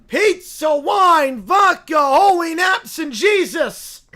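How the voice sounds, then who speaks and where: Guy doing a crazed little bear preacher, yelling high and slow like a sermon. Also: lively intonation, exaggerated voice. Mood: zealous preaching. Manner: booming, declaiming sermon-like commands. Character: fanatical young bear preacher, male, shouty.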